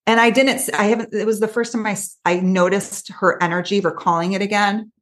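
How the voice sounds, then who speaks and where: A woman coach, a guest on an interview podcast, telling stories in a quick, animated way with lots of asides. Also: medium pitch. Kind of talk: casual interview chat.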